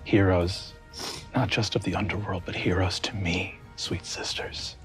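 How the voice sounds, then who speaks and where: A man voicing an ancient, solemn goddess queen of the underworld, speaking slowly and gravely in a tabletop game. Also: sits low, fairly even intonation, whispered. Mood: tender. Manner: slow, grave, measured speech. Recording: faint music underneath.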